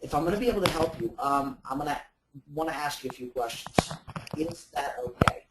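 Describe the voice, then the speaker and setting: A man's voice: on the high side, animated, a little fast, heavy background noise. Rambling sales trainer man, echoey line. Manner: rambling with many fillers and restarts. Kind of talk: webinar talk.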